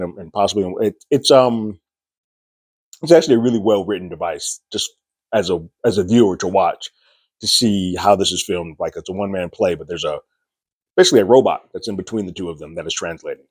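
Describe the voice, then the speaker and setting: A man's voice: fairly low pitch, darkish tone, no echo. A man casually recapping a TV episode in a loose, chatty way, often restarting his sentences. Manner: chatty, loose retelling with frequent restarts and acted-out quotes. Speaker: TV show reviewer.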